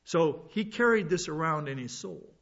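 Male preacher, fairly high voice, earnest verse-by-verse sermon, muffled lo-fi recording. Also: expressive, moderate pace, a bit bright. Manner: earnest, explains scripture verse by verse with asides. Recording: dull lo-fi sound.

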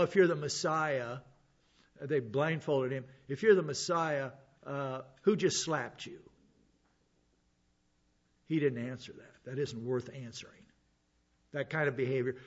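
A man's voice: medium pitch, breathy edge, dull audio. A man preaching a sermon in a conversational way, with chuckling asides and frequent fillers. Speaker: pastor.

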